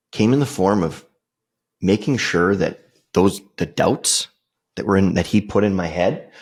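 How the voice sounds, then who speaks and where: A man's voice: low-pitched, creaky, slightly rough. A middle-aged man hosting a podcast, telling a personal story in a casual, rambling way with lots of fillers and restarts. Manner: rambling, loose delivery with many fillers and restarts. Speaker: podcast host.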